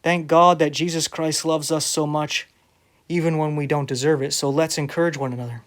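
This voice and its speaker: A man's voice: a little high, level tone, a little fast, a bit bright. A man who preaches online, reading viewer comments aloud and answering them in a sarcastic, defensive way.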